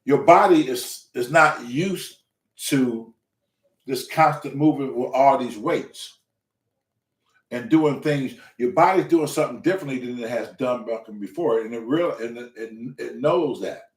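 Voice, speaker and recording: A man hosting a show, telling a story in casual, profane speech and acting out the quotes. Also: unhurried. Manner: animated, profane, acts out quotes with loud pitch jumps. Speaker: show host. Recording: echoey room.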